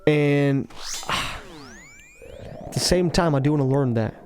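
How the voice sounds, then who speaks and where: A man giving casual, rambling commentary over gameplay, talking slowly with a laid-back, self-interrupting, somewhat mumbled delivery. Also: a little high, wildly swooping pitch, faint music behind. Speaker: gaming commentator.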